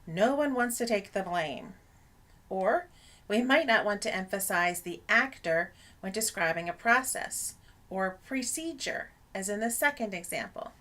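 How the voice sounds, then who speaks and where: A woman narrating a scripted lesson on academic writing as an instructor, in a clear explanatory teaching tone. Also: mid-range voice, lively intonation, a little slow, fairly bright tone.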